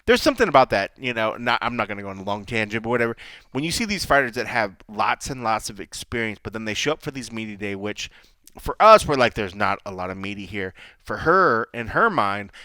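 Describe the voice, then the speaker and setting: A man's voice: mid-range voice, sing-song, a little fast, sharp tone, no echo. A man co-hosting a casual podcast chat, rambling with restarts and casual swearing. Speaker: podcast co-host.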